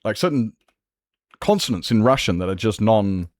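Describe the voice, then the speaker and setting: A man's voice: on the low side, very animated, moderate pace, slight background noise. A man with an Australian accent chatting casually on a livestream, rambling and swearing freely. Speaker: Minecraft streamer.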